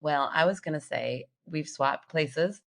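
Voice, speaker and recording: A woman's voice: low voice, measured pace, vocal fry. A middle-aged woman co-hosting a podcast in casual chat, talking through a cold with sniffles. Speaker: podcast co-host.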